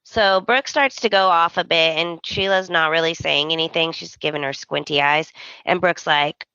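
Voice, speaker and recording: An opinionated woman with a bright, sharp tone, recapping a soap opera and throwing in dramatic character quotes. The sound is dry and close, a little dull. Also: low voice, steady tone, moderate pace, smooth, no echo. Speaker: podcast co-host.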